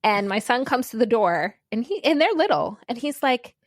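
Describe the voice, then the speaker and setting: A high-voiced woman in her forties with a very lively pitch that leaps up and down as she tells a story. She laughs often and talks in an easy, casual way. The recording is close and dry. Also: normal speed, no echo. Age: 40s. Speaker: podcast co-host. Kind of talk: casual chat.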